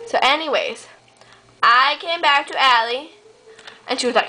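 A woman improvising a comic story, rambling and deadpan, full of "you know" and "I was like". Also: sits high, measured pace, faint music behind, poor audio.

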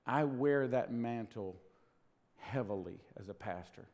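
A middle-aged man preaching a sermon as pastor, swinging between hushed whispers and loud, impassioned bursts. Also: medium pitch, expressive, a little slow. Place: church sanctuary. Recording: long hall reverb.

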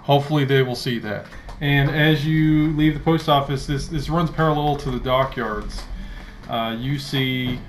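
A man's voice: medium pitch, steady tone, moderate pace, a little hiss or hum. Hesitant man narrating as game master. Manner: hesitant, filler-heavy narration. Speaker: dungeon master. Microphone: console party chat.

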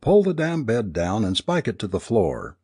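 A man voicing a blunt, practical party host who speaks gruffly and curtly in a storybook reading. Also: fairly low pitch, huge pitch swings, moderate pace, warm tone, full character voice. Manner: gruff and curt.

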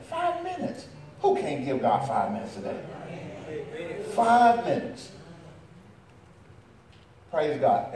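A man preaches in a high voice, calling out and drawing responses from his congregation. The sound is distant and echoes heavily around the church, with the crowd audible behind him. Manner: call-and-response preaching, rising and falling. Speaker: pastor. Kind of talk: sermon. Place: church sanctuary.

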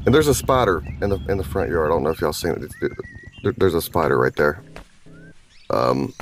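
With a rumbling low, sing-song voice at a slightly quick clip, this gaming channel host delivers crude, goofy play-by-play and drops into silly voices now and then. There's a faint hiss or hum, and game music and sounds fill the background.

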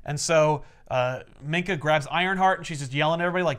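A man's voice: fairly high pitch, fast talker, hardly any pauses, a bit bright, smooth. A man co-hosting a podcast, casually recapping a comic with rambling filler-heavy narration and wry asides.

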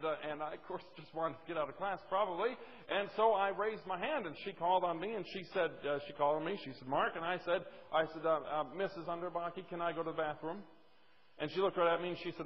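Emphatic preacher in a reverberant church. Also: male voice, high voice. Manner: emphatic, slows down for scripture quotes; storytelling with folksy asides. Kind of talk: sermon. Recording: dull lo-fi audio with long reverb.

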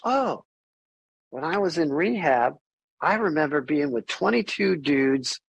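Middle-aged man, podcast guest, animated and candid, somewhat high-pitched, dry close sound. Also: a little slow, vocal fry, slightly rough, dry recording, low-quality recording. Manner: animated, candid, swears freely, acts out quoted voices. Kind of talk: casual interview conversation.

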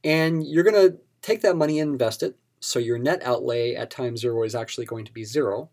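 A man's voice: mid-range voice, fairly quick, a little mellow. A man teaching a recorded math lesson in a patient, explanatory way, repeating key terms for emphasis. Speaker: math instructor.

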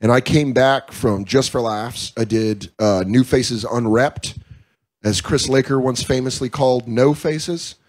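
A comedian guest in candid casual talk, frank and profane, acting out quoted voices. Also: male voice, mid-range voice, a little slow. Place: comedy club.

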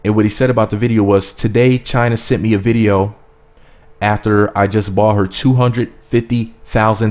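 Excitable man doing gossip commentary. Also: sits low. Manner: animated, reads quotes aloud and hypes them up. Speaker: celebrity gossip vlogger. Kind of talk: casual commentary vlog.

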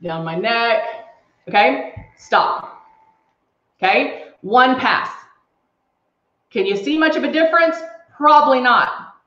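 A woman's voice: on the high side, expressive, slow, pauses often, a bit bright. Chatty woman demoing makeup live. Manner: chatty, talks through each step while reading viewer comments. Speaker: makeup demonstrator on a livestream. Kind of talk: casual live makeup tutorial. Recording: echoey room, slightly dull sound.

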